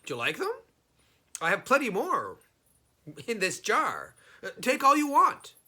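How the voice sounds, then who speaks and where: A man's voice: very high-pitched, huge pitch swings, a little slow, pushed and bright, pitched above the performer's own voice, exaggerated voice. A man voicing a clever, unflappable folk hero in a storybook reading, cheerful and teasing.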